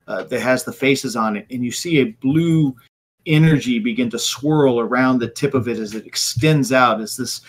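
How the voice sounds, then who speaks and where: A man's voice: medium pitch, normal speed. A man narrating as game master, vividly describing scenes with occasional fillers.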